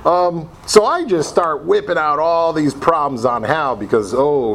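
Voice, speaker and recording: A man's voice: a little high, animated, measured pace, few pauses, a bit bright, slight background noise. A middle-aged man from Connecticut sharing his own story with a group in a casual, self-mocking way, acting out his old reactions as he goes. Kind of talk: personal recovery talk to a group.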